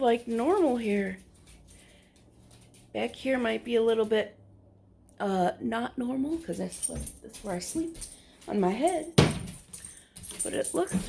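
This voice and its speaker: Woman, casual vlog chat, rambling, slightly high voice, slow unhurried pace. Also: creaky, darkish tone. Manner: rambling, easygoing, drifts into whispers. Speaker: vlogger. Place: at home by a window.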